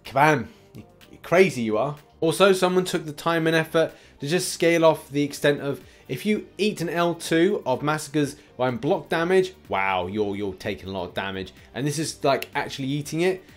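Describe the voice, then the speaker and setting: A man's voice: on the high side, lively intonation, moderate pace, soft background music. Chatty man hosting gaming news. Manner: chatty, rambling, laughs often. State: slight cough. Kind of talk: casual gaming news commentary.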